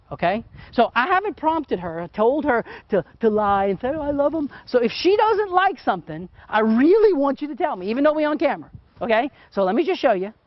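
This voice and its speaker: A man's voice: extremely high pitch, no room sound. A middle-aged man teaching photography while he works, talking casually and often checking in with "okay?". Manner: chatty, keeps asking "okay?". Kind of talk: hands-on teaching demo. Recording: dull, muffled sound.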